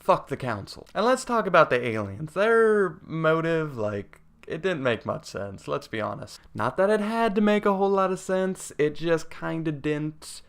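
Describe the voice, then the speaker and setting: A man's voice: on the high side, animated, moderate pace, creaky, few pauses, fairly bright tone. A young man giving a casual video game review in a rambling, profane, jokey way.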